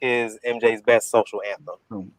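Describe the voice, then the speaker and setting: A man moderating a casual online debate in an easygoing, halting way, posing questions over a video call. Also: on the low side, fairly even intonation, no room sound, low-quality recording.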